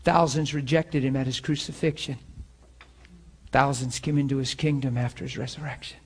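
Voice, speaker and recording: A pastor gives an informal sermon to students in a room that is also streamed online, speaking at normal speed in a steady, mid-range voice with slight background noise. He tells personal stories in an earnest, conversational manner before closing in prayer.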